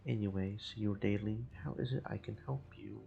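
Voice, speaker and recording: A man's voice: on the low side, brisk, vocal fry, dull audio, a little hiss or hum. A man voicing a proud, amorous Spanish fishmonger in a theatrical put-on Spanish accent, over game music. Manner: theatrical, lovesick.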